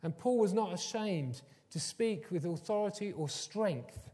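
A pastor delivers a sermon with a fairly high voice that echoes through a large church hall. He tells stories warmly and shifts between hushed, low passages and loud, emphatic lines. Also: animated, a little slow. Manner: warm storytelling, swings from soft and low to loud and emphatic. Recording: long hall reverb.

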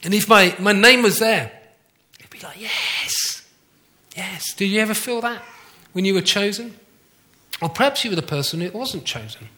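A man preaching a conversational sermon to his congregation, often asking them questions and slowly repeating key phrases. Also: sits high, animated, pushed and bright. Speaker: pastor.

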